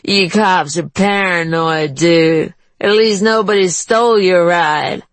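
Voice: medium pitch, takes it slowly, dry recording. A narrator voicing a brash, mocking, beery middle-aged woman in an audiobook, with a slangy, taunting manner. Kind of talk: audiobook character voice.

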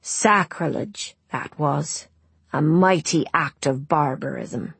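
Woman doing a gruff old village man. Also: low-pitched, slow, dry recording, exaggerated voice. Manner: blunt, clipped, grumbling.

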